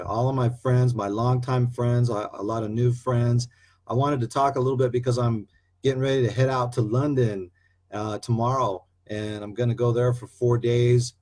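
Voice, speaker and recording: A man's voice: mid-range voice, darkish tone. A man from Idaho talking casually to his viewers in an upbeat, rambling way, with an Idaho drawl. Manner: chatty, upbeat, loose with many uh fillers. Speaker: vlogger. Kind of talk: casual talk to camera.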